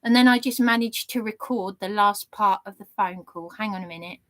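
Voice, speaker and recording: A woman's voice: medium pitch, brisk, a bit bright. A woman vlogger telling an aggrieved story to her viewers in an indignant, rambling way. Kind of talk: aggrieved monologue to camera.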